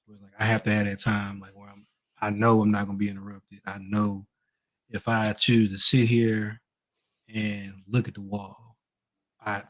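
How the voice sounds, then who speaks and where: A man in his thirties co-hosting a casual talk show, speaking in a laid-back, joking way. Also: fairly low pitch. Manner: laid-back, joking, loose Southern-style speech. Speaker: podcast co-host. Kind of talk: casual chat.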